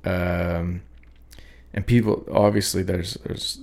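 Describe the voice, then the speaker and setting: A young man with a daughter, hosting a podcast and talking over his own poems in a halting, reflective way, with many fillers and restarts. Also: deep voice, fairly even intonation, creaky, darkish tone. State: sleepy, yawning. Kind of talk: rambling reflective talk.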